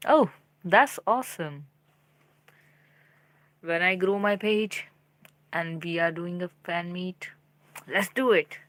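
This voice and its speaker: Slow, low-voiced young woman streamer. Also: a bit bright, no room sound. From India. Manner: chatty, talks straight to viewers. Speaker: live streamer. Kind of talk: casual live-stream chat.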